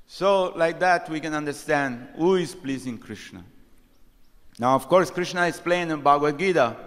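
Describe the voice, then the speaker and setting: A man's voice: fairly high pitch, normal speed, a bit bright. A man giving a scripture class at a temple, telling stories and acting out the characters' lines. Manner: storytelling, acts out quotes. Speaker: temple speaker. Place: temple lecture hall. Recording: long reverb of a large hall.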